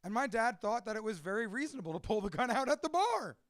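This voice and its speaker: A man's voice: very high-pitched, sing-song, fast, fairly bright tone, no echo, studio quality. A man from a Cuban family, a father of two, telling his life story in a candid, profane, emotional monologue. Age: adult with two children.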